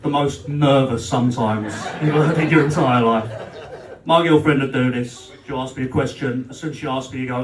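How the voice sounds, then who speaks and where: Onstage in a club function room, a stand-up comedian with a medium-pitched voice and fairly even intonation works at normal speed. He cheekily teases the crowd, swears, and acts out quarrels with his girlfriend, captured as roomy, distant live sound.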